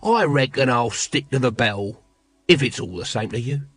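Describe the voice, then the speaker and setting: A man's voice: mid-range voice, expressive, normal speed, fairly bright tone, no room sound. A man voicing a lazy, cynical watchman who mumbles and rambles evasively. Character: shifty seasoned male watchman, lazy and cynical.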